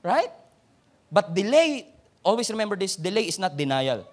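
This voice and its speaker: A man with a Filipino accent delivering a sermon, his voice sitting noticeably high for a man. He speaks in a conversational way, often asking the listeners questions and urging them on. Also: sing-song, moderate pace. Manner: conversational preaching with rhetorical questions and exhortations. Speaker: preacher.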